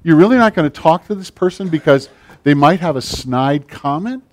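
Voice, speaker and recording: A man, a pastor, preaching a sermon and leading a closing prayer, his emphatic delivery swinging from loud to hushed. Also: a little high, expressive, moderate pace. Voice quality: big build, speaks plainly.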